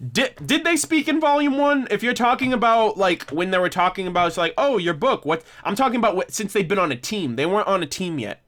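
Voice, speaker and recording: A man's voice: high-pitched, expressive, moderate pace, fairly bright tone. A man hosting a casual livestream discussion, rambling and correcting himself with frequent laughs. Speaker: livestream host.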